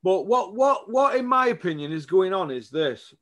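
A man with a high voice and moderate pace vents his opinions on boxing straight to camera. The vlogger is blunt and animated, repeatedly asking whether viewers agree.

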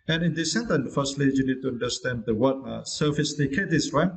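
A man with a Vietnamese accent teaching English vocabulary in a casual lesson, pausing often with "uh" and asking "right?". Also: medium pitch, rough recording. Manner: hesitant, many "uh" pauses and "right?" checks; non-native English speaker.

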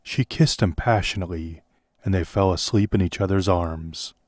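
A man narrating a parody audiobook in a deadpan reading style. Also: sits low, normal speed, dry recording, studio quality.

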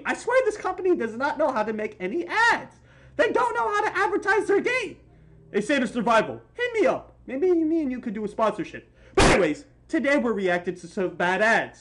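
A woman hosts a comedic reaction video from home, loud and disbelieving, cursing and exclaiming as she dips into a low voice and springs back up high for the punchlines. The home recording is noisy.

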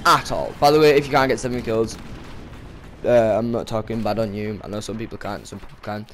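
Low-ish and steady in tone, a young man's voice moves briskly as he rants casually over gameplay, with slight background noise present. The gaming commentator swears, sounds exasperated, and has sudden outbursts.

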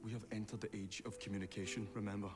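An actor playing a courteous Victorian inventor in a game cutscene, speaking in a formal, measured way. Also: male voice, fairly low pitch, little pitch movement, music in the background, natural voice. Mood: gracious. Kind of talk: video game cutscene dialogue. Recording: game cutscene with loud score.

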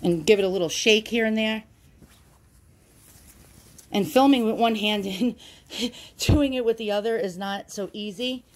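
A woman's voice: medium pitch, unhurried, pauses often. A chatty woman talks through a home demonstration, recorded indoors on a phone she holds in one hand. She is casual and self-deprecating, with lots of ums and uhs as she goes. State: out of breath at times. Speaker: YouTube channel host. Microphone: handheld phone.

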